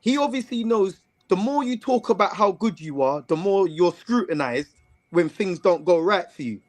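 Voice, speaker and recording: A man chatting casually about football as a co-host, animated, full of slang and repeating himself. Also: high-pitched, moderate pace.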